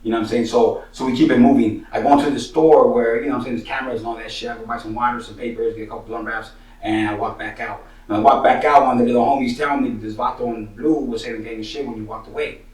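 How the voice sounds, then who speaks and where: A man rattles off a street story at a quick clip, cursing freely and dropping slang fillers every few words. His voice sounds roomy and a little distant, as if the mic sits some way off in an echoing room. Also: mid-range voice, fairly even intonation, a little mellow. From San Jose, Northern California. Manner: profane, slangy, sprinkles "money" and "you know what I'm saying". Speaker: rapper telling his own stories.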